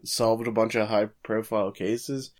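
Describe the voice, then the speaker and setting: Male podcast co-host, lowish voice, laid-back recap with chuckles. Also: measured pace. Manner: relaxed storytelling, chuckles at the jokes. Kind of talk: casual recap of a show.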